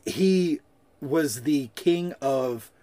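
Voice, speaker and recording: A man's voice: a little high, extremely slow, dark tone. A man co-hosting a podcast, telling loose, jokey stories in casual chat and swearing freely. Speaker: podcast co-host.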